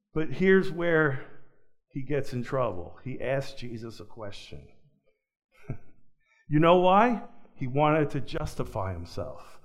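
A man preaching a sermon, swinging from loud emphatic peaks to soft, low asides, with a chuckle now and then. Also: big pitch swings, slow pace, long pauses.

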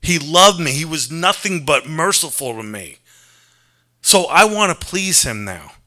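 A man's voice: fairly high pitch, lively intonation, unhurried, pushed and bright. A man from New preaching an earnest, conversational sermon, mixing scripture with personal confession. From New York. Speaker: pastor.

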